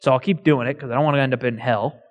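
A man's voice: medium pitch, fairly even intonation, very fast, dull audio. A young adult male pastor preaching a sermon in a church hall, conversational and joking at his own expense. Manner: conversational, self-deprecating humor. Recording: long hall reverb.

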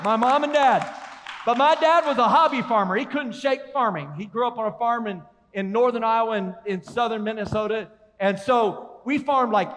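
A male pastor preaching an energetic sermon, calling on the congregation to repeat lines with him. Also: high voice. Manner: energetic, calls congregation to respond. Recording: long reverb of a large hall.

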